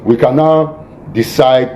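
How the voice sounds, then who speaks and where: A man's voice: slow pace, warm tone. A man giving an emphatic, repetitive lecture-style address to followers, stumbling and restarting often. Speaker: militant leader addressing followers. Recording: muffled archive clip with faint rumble.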